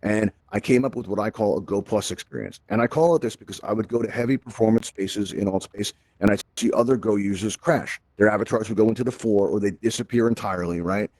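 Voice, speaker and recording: A man's voice: on the low side, fast talker, few pauses, a little mellow, dry recording. A man hosting a casual spoken tutorial through a VR headset microphone, chatty and forever checking in with "right?". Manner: chatty, keeps tagging lines with "right?". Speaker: host and presenter of a VR help event.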